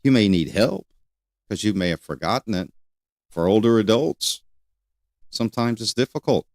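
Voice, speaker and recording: An older man hosting a solo talk show, rambling and repeating questions with many pauses. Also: lowish voice, lively intonation, darkish tone, no room sound, clean studio sound. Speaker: host.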